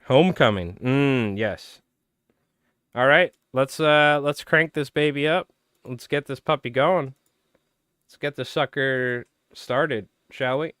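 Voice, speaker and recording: A man's voice: mid-range voice, slow, fairly bright tone, clear, resonant tone, dry recording, studio quality. A man hosting a casual fly-tying livestream, rambling loosely and chatting with viewers while his voice is strained and tired. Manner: rambling, loose, talks to chat by name. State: strained, tired voice, clearing throat. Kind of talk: casual live-stream chat.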